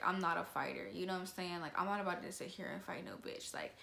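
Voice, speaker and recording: A young woman telling a story to camera in a casual, slangy, animated way. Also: lowish voice, fast, vocal fry, reverberant, a little hiss or hum. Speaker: vlogger.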